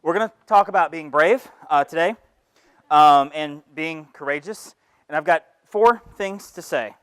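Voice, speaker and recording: A man's voice: fairly high pitch, unhurried, a bit bright, clear, resonant tone, no room sound. A man giving a comic stage talk, stammering and flustered as he speaks. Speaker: speaker at an event.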